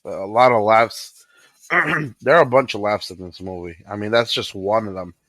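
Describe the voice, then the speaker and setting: A man co-hosting a podcast, chatting casually about a movie he just saw and retelling scenes with excitement. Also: on the low side, moderate pace, no room sound, rough recording. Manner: excitable, retells scenes with acted quotes and laughter. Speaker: podcast co-host. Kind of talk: casual movie review chat.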